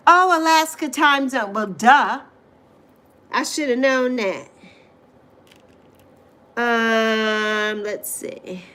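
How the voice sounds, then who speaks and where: A woman's voice: a little high, drawn-out words, long pauses, bright, forceful tone. A middle-aged woman, hosting a casual livestream, chatting animatedly and reacting to viewer comments with emphatic exclamations. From U.S. Virgin Islands. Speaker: livestream host.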